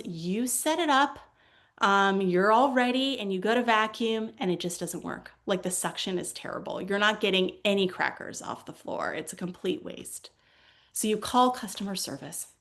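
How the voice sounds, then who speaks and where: A young woman leading a parenting workshop, teaching in a conversational way and acting out quoted lines as she tells stories. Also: mid-range voice. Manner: animated storytelling, acts out quoted lines.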